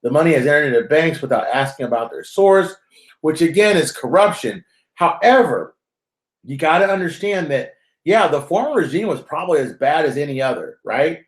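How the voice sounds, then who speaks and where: A man's voice: a little high, animated, brisk. A man hosting a live call-in show. He talks in a loose, rambling, joking way and chats with callers. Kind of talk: casual live-stream chat. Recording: roomy echo.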